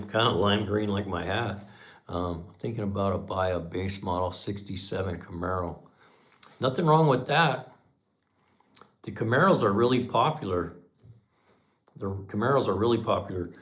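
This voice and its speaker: A man in his fifties with a fairly low voice hosts a casual livestream. He tells stories in a folksy, chatty way, often tossing in "man" and acting out the back-and-forth as he goes. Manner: folksy, chatty, drops in "man" and acts out quoted dialogue. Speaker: channel host on a livestream.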